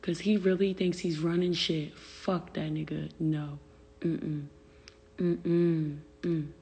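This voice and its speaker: A woman's voice: sits low, little pitch movement, takes it slowly, dark tone, slightly rough, in a large hall. A young woman venting on a phone livestream, profane and exasperated, answering viewer comments aloud. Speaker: livestream host. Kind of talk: casual livestream rant.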